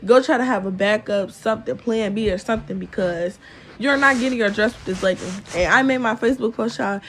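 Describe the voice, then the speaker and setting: A woman's voice: a little high, fairly quick, slight background noise. A young woman telling a story to her viewers in casual chat, exasperated and talkative, often calling them y'all. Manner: chatty and exasperated, addresses viewers as y'all, fills with "or whatever". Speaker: storytime vlogger.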